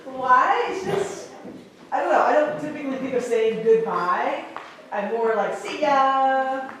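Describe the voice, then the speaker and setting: A woman teaching a sign language class in a library room, encouraging and emphatic, repeating phrases slowly for her learners. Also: fairly high pitch, lively intonation, fairly bright tone, slight background noise. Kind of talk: classroom instruction. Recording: echoey room, voice far off.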